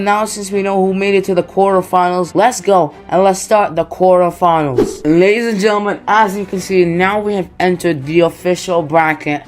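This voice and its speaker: High-voiced man hyping gameplay commentary. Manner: announcer-style, building suspense with rhetorical questions. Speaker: YouTube gaming creator. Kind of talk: hyped play-by-play commentary over gameplay.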